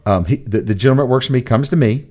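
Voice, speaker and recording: A man, a guest on a podcast, telling a personal story in a casual, animated way and acting out the dialogue. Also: medium pitch, racing. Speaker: podcast guest, entrepreneur and mentor.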